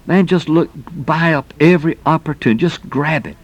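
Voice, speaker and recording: A man's voice: fairly high pitch, normal speed. A middle-aged man preaching a sermon in a folksy, emphatic way, peppering his talk with exclamations.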